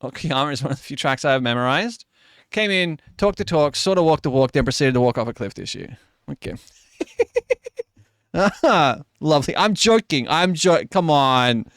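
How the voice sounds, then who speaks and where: A man's voice: a little high, animated, normal speed, a bit bright, no echo, studio quality. A man casually chatting while live-streaming, sick with influenza and coughing, joking and teasing as he talks.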